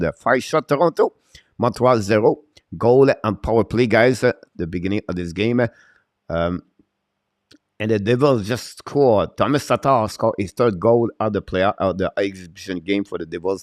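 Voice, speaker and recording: A man hosting a live-stream hockey play-by-play, talking in a rapid run of commentary in broken non-native English with many "uh" fillers and sudden jumps to excited shouting on scoring chances. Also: low voice, no echo, clean studio sound. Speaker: play-by-play host.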